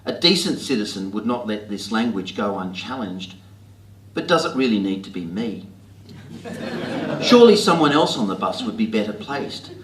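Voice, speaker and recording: An Australian man reading his own comic writing aloud to an audience with a wry, deadpan, self-mocking delivery, in a library talk venue. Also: on the low side, normal speed, a little hiss or hum. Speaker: author reading his work. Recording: roomy hall with faint ambience.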